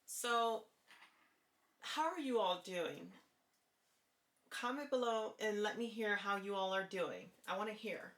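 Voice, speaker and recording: A woman speaks to her camera in a casual vlog. Her voice is light, bright and placed forward. She talks slowly and earnestly and circles back to repeat her main points, and the room around her adds a noticeable echo. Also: mid-range voice. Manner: earnest and deliberate, repeats key phrases. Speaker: vlogger sharing voice therapy progress.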